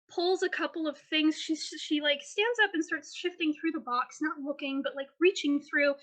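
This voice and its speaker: A woman running a tabletop game, describing scenes in a lively, quick way full of fillers. Her voice sits high and sounds bright. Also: rough recording. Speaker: game master.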